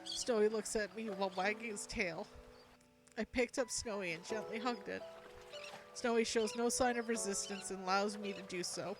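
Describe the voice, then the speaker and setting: A woman streamer reading a game's first-person story aloud in a measured, reflective way. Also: mid-range voice, fairly even intonation, music in the background.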